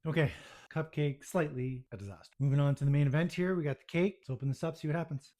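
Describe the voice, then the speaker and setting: A man's voice: a little high, quick pace, a little mellow. A man narrating his own home baking video, muttering to himself with self-deprecating exasperation as things go wrong in his kitchen.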